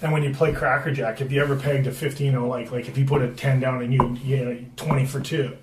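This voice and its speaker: A man's voice: medium pitch, little pitch movement, fast, recorded from a distance. Profane, rambling middle-aged man. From Boston area. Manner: rambling, profane, with many restarts and fillers. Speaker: guest, retired hockey player. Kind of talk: casual storytelling chat. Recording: echoey room, a bit off-mic, faint background noise.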